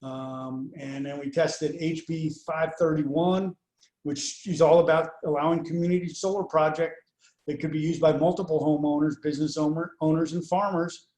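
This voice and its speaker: A man's voice: a little high, steady tone, a little mellow. Man reading poll numbers, echoey. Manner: measured, reads out numbers with many "uh" and "um" fillers. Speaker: pollster presenting survey results. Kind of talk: presentation over slides.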